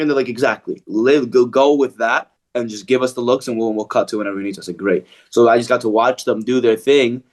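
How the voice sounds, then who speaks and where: A man talks casually as the guest in an interview. He speaks in a relaxed way, stumbling and restarting often and filling pauses with "um" and "like." His pitch sits in the middle for a man. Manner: relaxed, halting with many restarts and fillers. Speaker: actor interviewed.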